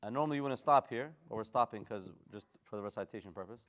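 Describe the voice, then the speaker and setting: A man's voice: fairly low pitch, quick pace, fairly bright tone. A man teaching Quran recitation in a class, giving casual, direct corrections and modeling the Arabic sounds. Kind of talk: live tajweed class instruction.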